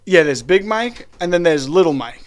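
A man chats on a podcast in a high voice. He tells stories with energy and acts out the lines of the people in them. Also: moderate pace. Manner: animated storyteller, acts out quoted voices. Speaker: podcast co-host. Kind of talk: casual chat.

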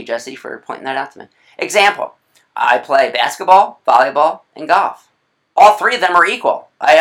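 In this recorded video lecture, a writing instructor speaks at medium pitch with a fairly bright tone. The delivery is chatty, with playful asides and quick self-corrections.

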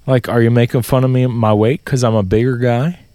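A man telling a story in casual podcast chat, swearing a lot and getting loud in disbelief. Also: medium pitch, brisk, dry recording. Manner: profane, animated storytelling, rising to loud disbelief. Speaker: podcast co-host.

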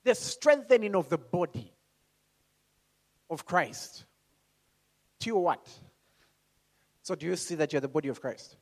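A man preaches a sermon in a voice on the high side, opening calm and slow and then rising to loud calls. He engages the congregation with questions and acts out voices.

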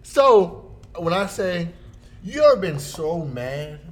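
A man telling a funny everyday story in a casual chat, jumping into high voices when he quotes people. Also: big pitch swings, takes it slowly.

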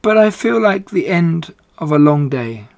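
Charlotte, a man doing a gentle weary spider. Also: on the high side, big pitch swings, unhurried, creaky, dry recording, pitched above the performer's own voice, full character voice. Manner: polite, slightly dry, tired. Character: kind, weary female spider, gentle and ladylike.

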